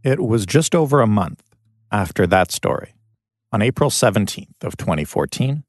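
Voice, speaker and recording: A man narrating a documentary podcast in a measured, scripted way and interviewing a guest. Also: lowish voice, big pitch swings, dry recording, studio quality.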